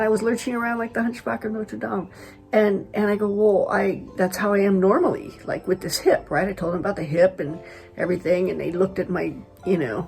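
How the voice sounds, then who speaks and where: A middle-aged woman from California, chatty and animated, telling a personal story to camera as a travel vlogger. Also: mid-range voice, vocal fry. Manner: chatty, animated retelling with quoted dialogue.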